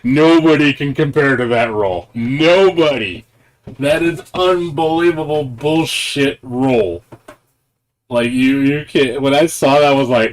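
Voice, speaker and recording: A man's voice: medium pitch, a little slow. A man streaming games, chatting casually, swearing a lot and rambling through his thoughts. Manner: profane, laughing, rambling. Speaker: game streamer. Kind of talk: casual live-stream chat.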